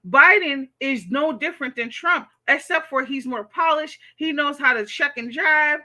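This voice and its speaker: A bright, sharp-voiced woman from the United States runs a casual livestream, answering chat in a blunt, profane way. Her voice sits a little high for a woman. She keeps tagging her points with "okay?" and talks straight to her viewers. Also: normal speed. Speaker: livestream host reading chat.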